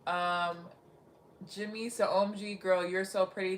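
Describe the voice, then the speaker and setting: A woman's voice: medium pitch, flat delivery, measured pace, a little hiss or hum. Chatty woman from Texas, echoey room. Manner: chatty, giggly, reads comments aloud. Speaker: livestream host. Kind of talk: casual livestream chat reading comments.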